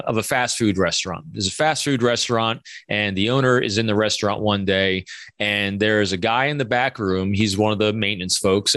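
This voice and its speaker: A man in his fifties, a podcast guest, telling animated stories and acting out quoted dialogue. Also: lowish voice, no room sound, clean studio sound. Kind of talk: conversational storytelling interview.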